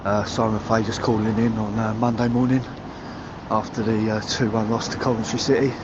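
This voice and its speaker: A man's voice: little pitch movement, brisk, dull audio, heavy background noise. A man leaving an angry voicemail, ranting and swearing about his football club. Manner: heated, swearing, builds to shouting pitch. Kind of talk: angry football fan rant.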